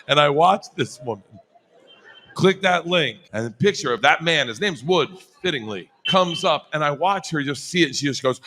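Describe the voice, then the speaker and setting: A man telling a stand-up story, laughing as he goes and shouting the punchlines. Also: fairly high pitch, very animated, normal speed, heavy background noise. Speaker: stand-up comedian.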